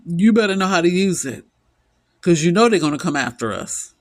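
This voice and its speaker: A man's voice: high-pitched, lively intonation, brisk. A middle-aged man giving an impassioned solo monologue, weary, emphatic and repetitive as he stresses his points. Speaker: vlogger.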